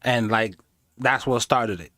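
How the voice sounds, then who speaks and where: A man doing casual live commentary on videos, animated and sarcastic, slipping into mocking voices. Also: medium pitch, measured pace, no echo, clean studio sound. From inner city. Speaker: streamer reacting to videos.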